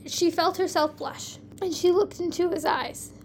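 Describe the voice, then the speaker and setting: A woman hosting a podcast, reading her fan fiction aloud in a plain, even storytelling way with small slips. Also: extremely high pitch, unhurried, hardly any pauses, a little hiss or hum.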